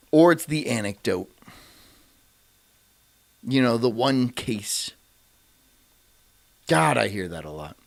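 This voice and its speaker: Animated, profane male streamer. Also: mid-range voice, takes it slowly, creaky, long pauses. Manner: profane, incredulous, laughs often. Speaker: streamer host. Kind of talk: ranting commentary.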